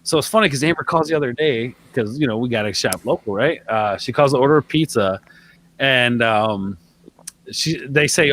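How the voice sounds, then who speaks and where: A man's voice: mid-range voice, moderate pace, a bit bright, poor audio. A man in his thirties co-hosting a casual podcast, rambling along with lots of fillers and calling people man and bro. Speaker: podcast co-host.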